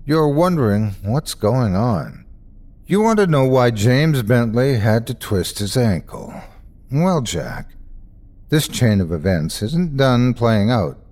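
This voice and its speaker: A man voicing a soft, knowing unseen presence. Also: medium pitch, slow. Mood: ominous calm. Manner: calm, knowing, softly menacing. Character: mysterious polite unseen presence messaging through a screen.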